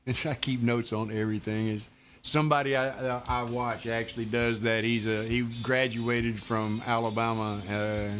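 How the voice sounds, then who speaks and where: Guy streaming a trucking game, talks slow and easy, faint music playing behind. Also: medium pitch, fairly bright tone. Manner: laid-back, chatty, laughs often. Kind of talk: casual live-stream chat with viewers.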